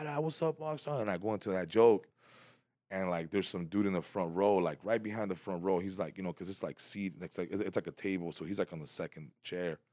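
A low-voiced man tells a comedy story in a relaxed, slangy way. He acts out quotes with sudden loud jumps. The sound is dry and close. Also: no room sound. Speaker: comedian guest. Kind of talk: casual storytelling in a podcast interview.

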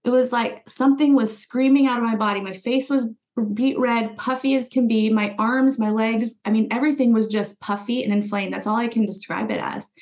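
Woman guest, pitch on the high side, earnest and emphatic, relives her own thoughts aloud. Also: fairly even intonation, brisk, hardly any pauses, darkish tone. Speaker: podcast guest, former client. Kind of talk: personal story told in conversation.

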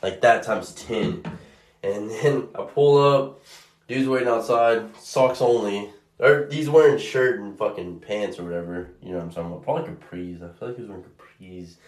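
A man's voice: lowish voice, moderate pace, echoey room. A man, a food delivery driver, telling a casual story with lots of swearing and exasperation, acting out both sides of the conversations. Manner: profane, exasperated, acts out both sides of dialogue.

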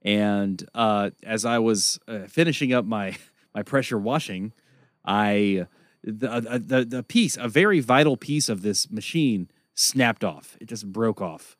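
A man's voice: fairly low pitch, unhurried, no room sound. Profane, rambling man podcaster, dry close mic. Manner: rambling, profane storytelling with frequent fillers. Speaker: podcast co-host. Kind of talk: casual comedy podcast chat.

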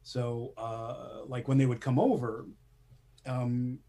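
This guest, an animation screenwriter, takes his time, his dark, medium-pitched voice barely moving in pitch. In a casual interview he wanders through his thoughts, laughing often and piling up fillers and restarts.

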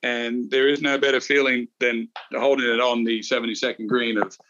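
A man's voice: mid-range voice, flat delivery, fairly quick, fairly bright tone, muffled recording. A middle-aged man, a golf analyst and former champion, chatting casually and telling rambling anecdotes. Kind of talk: casual podcast chat.

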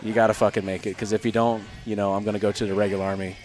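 A man in his thirties with a fairly low voice tells his army stories in a relaxed, chatty way, jumping into the voices of the people he quotes. He swears casually and keeps a loose, joking flow. Faint music plays quietly behind him. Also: rapid-fire. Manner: animated storyteller who acts out quoted voices, swears freely. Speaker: podcast guest, former Army Ranger and Green Beret. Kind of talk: casual storytelling chat.

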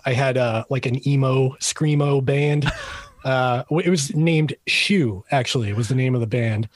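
A man with a light Boston accent, a guest on a casual interview, talking in a relaxed, rambling way and laughing easily. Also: medium pitch, no echo. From Billerica, Massachusetts. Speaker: guest, gear reviewer.

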